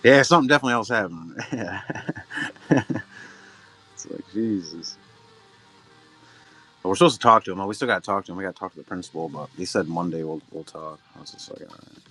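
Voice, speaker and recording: A man's voice: low voice, fairly quick, pauses often, sharp tone, faint music behind. Chatty middle-aged man humming fillers. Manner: rambling and chatty, hums filler sounds between remarks. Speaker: livestream card-break host. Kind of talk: casual live-stream chat.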